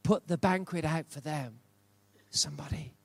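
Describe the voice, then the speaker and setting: A man's voice: a little high, moderate pace, no echo. An older man preaching a sermon in church, emphatic and repeating key phrases for stress. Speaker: pastor.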